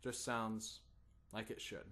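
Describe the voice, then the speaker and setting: A man's voice: lowish voice, flat delivery, slow pace, a bit bright. A man teaching a guitar lesson, patient and encouraging, counting in and singing strum rhythms as "da da".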